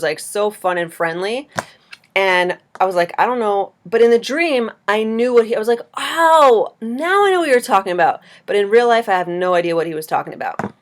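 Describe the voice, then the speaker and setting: A woman vlogger in casual chat, talking with many "like" fillers and acting out her own quotes. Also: medium pitch. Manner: chatty, lots of "like" fillers, acts out quotes.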